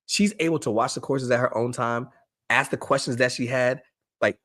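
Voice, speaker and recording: A man's voice: mid-range voice, dry recording, studio quality. A man leading a live online teacher workshop, upbeat and eager, often repeating himself and asking the audience rhetorical questions. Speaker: education workshop presenter.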